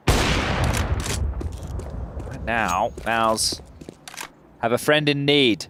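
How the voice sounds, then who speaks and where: A man's voice: medium pitch, drawn-out words, pauses often, noisy background. A man giving live esports commentary, dry and teasing with his co-casters.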